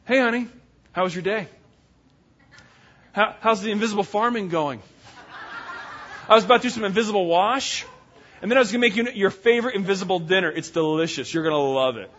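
A man's voice: high-pitched, fairly quick, pauses often, a bit bright, slight background noise. A man doing a mocking, exasperated farmer's wife. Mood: teasing sarcasm. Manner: teasing, sarcastic, rising. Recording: dull lo-fi sound.

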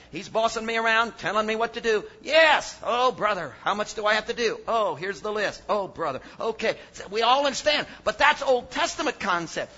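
Animated high-voiced older man preaching. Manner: animated, swings from low mutters to shouted emphasis. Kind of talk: sermon. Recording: dull lo-fi sermon recording.

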